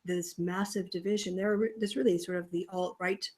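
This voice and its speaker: A woman's voice: lowish voice, steady tone, normal speed, darkish tone. A woman co-hosting election coverage, giving an analytical, lecture-like explanation of electoral systems. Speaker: co-host and political scientist. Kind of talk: casual panel discussion.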